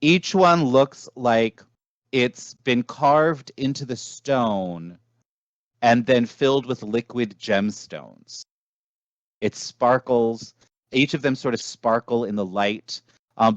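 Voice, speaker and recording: A man narrating a tabletop game as game master, slow and halting as he describes the scene. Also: medium pitch, dry recording. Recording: dull lo-fi dry sound.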